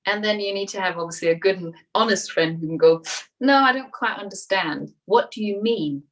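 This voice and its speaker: Female speaking coach, encouraging workshop delivery, mid-pitched, recorded at a distance. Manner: lively, encouraging, acts out inner voices. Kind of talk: online workshop talk.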